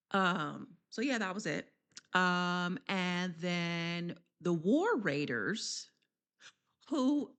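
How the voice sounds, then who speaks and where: A woman giving a casual, chatty wrestling recap vlog, laughing often and filling pauses with slang and ums. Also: medium pitch, fairly bright tone.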